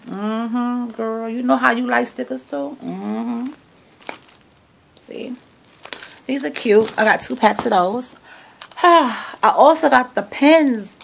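A middle-aged woman vlogger chats sassily to camera about her shopping haul, recorded on a phone at home, talking to viewers like friends. Her voice is fairly high and creaky, slow with long pauses, and carries a little hiss or hum.

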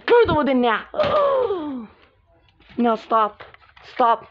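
Using a high, very animated voice, a woman acts out several feuding girls in a home-made doll drama. She flips quickly between roles and gasps and shouts through the squabbles. The home recording is dull and lo-fi.

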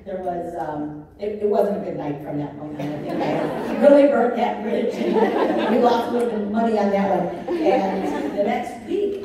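A woman's voice: on the low side, background noise. A middle-aged woman giving a candid keynote speech to a live audience, telling a personal story and acting out her own past words. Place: large indoor conference hall. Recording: echoey hall recording from far off.

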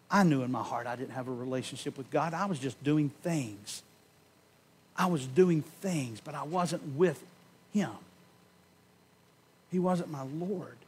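A man preaching a sermon in a church, giving an impassioned personal testimony that swings from loud emphasis to hushed tones and slows on key words. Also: fairly high pitch, husky. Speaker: pastor. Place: church sanctuary.

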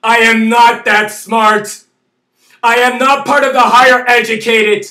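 A man with a very high, bright voice rants at the camera in long shouted bursts, pleading and swearing, with slow, drawn-out phrasing. He sits some way from the mic in an echoey room. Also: level tone. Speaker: vlogger. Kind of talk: impassioned rant to camera.

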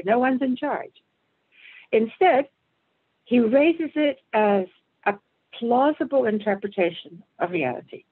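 A woman's voice: medium pitch, breathy edge, no room sound. A woman teaching a lecture on Jewish texts, thoughtful and probing, posing questions aloud and rephrasing as she goes. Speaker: Torah teacher. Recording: tinny phone-like line.

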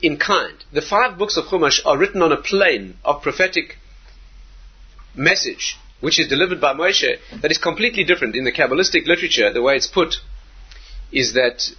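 A man, a rabbi, giving a Torah lecture in an animated way, repeating phrases and asking rhetorical questions. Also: on the high side, brisk, husky, lo-fi sound.

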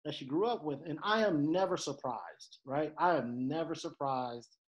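Podcast guest, young man from Detroit, higher-pitched, lively conversational delivery. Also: moderate pace. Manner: animated, swings into loud laughing impressions. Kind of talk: casual conversation.

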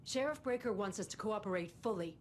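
A woman's voice: mid-range voice, expressive, fast talker, a little hiss or hum, lightly acted. A woman voicing a stern police officer. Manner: serious, businesslike.

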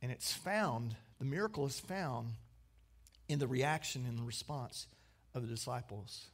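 A man preaching a sermon, swinging between emphatic, raised lines and hushed, quiet ones. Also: medium pitch, measured pace. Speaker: pastor.

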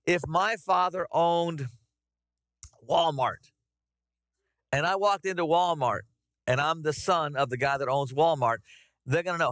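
A middle-aged man preaching a conversational, animated sermon to his congregation. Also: a little high, unhurried, long pauses, no echo, clean studio sound. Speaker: pastor. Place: church sanctuary.

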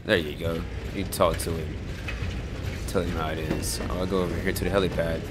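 A man's voice: low-pitched, steady tone, a little fast, over loud music. A man giving casual let's-play commentary, joking and swearing as he reacts aloud at a desk microphone. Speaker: gaming streamer.

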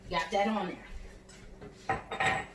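Speaking very slowly in a lowish voice, this Southern US woman chats her way through an encouraging cooking demonstration at home, addressing viewers as "y'all" and "honey." She's a home chef heard from a distance in an echoey kitchen with a noisy background.

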